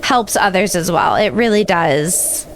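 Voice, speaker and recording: A woman's voice: lowish voice, expressive, measured pace, a little hiss or hum. A bubbly, chatty woman streamer who giggles as she talks to her chat while reacting to videos.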